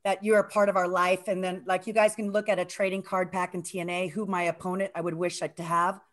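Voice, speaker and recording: A woman's voice: fairly low pitch, flat delivery, quick pace. A woman co-hosting a casual talk show, playful and teasing. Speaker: co-host. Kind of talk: casual chat.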